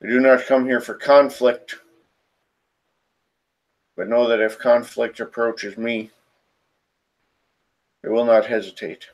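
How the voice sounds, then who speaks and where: A man voicing a proud male spirit-warrior with a deep, throaty voice that has a roar to it, making grave proclamations. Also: fairly even intonation, takes it slowly, pauses often, natural voice. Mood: proud, warning.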